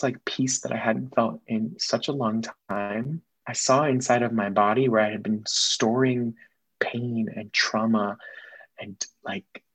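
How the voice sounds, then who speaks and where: A young man, a guest, telling a personal story in casual conversation, quick and earnest, slipping in Spanish phrases. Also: lowish voice, a bit bright, husky, no room sound, low-quality recording.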